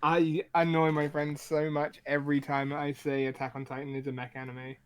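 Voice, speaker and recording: A man co-hosting a stream, building model kits and joking in a low-key way. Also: flat delivery, moderate pace, clear, resonant tone. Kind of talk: casual chat.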